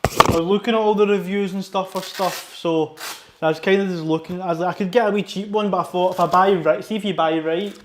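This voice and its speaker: Against a noisy background, a young Scottish powerlifting vlogger talks fairly quickly in a high-sitting voice with fairly even intonation. It's casual gym chat recorded indoors through a wireless lapel mic under his t-shirt, full of rambling and self-corrections.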